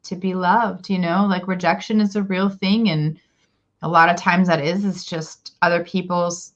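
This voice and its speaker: A woman's voice: on the low side, fairly even intonation, normal speed, dull audio. A woman hosting a casual interview chat, speaking in an affirming, enthusiastic way over a video call. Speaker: host.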